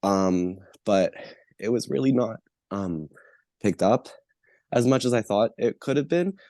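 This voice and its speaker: A man with a cold who coughs and pauses to catch his breath, earnestly questioning a finalist as a juror on an online call. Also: fairly low pitch, expressive, mellow, no room sound, clean studio sound. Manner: earnest, slightly winded. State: sick, coughing.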